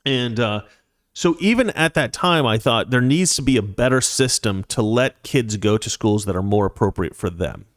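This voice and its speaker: Animated and moderately paced, this medium-pitched male voice belongs to a talk show host in his forties who reads viewer messages and gives opinionated, conversational commentary. He restarts often, and the clean studio recording carries no echo.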